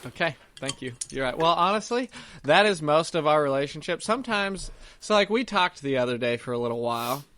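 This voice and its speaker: A man's voice: on the high side, expressive, a little fast, fairly bright tone, a little hiss or hum. A young man co-hosting a podcast, telling rambling stories and laughing at his own jokes, recording from his camper. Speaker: podcast co-host. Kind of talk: casual chat.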